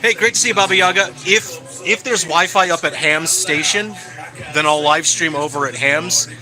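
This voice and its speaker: A man's voice: on the high side, normal speed, crowd noise, poor audio. A man chatting casually and cheerfully on a live stream, answering his viewers as he goes. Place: hangout spot in California.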